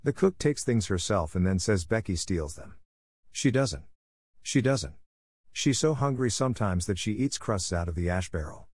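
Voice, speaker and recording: A man's voice: fairly low pitch, animated, moderate pace, a little mellow, breathy edge, no room sound, studio quality. A man voicing a brave, imaginative young schoolgirl in an audiobook reading. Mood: indignant. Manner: earnest, brave storyteller.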